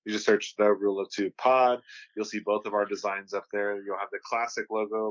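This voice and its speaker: Low male podcast co-host, easygoing, dull lo-fi dry recording. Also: fairly bright tone, dry recording. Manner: easygoing, promotional asides. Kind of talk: casual chat. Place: home studio on video.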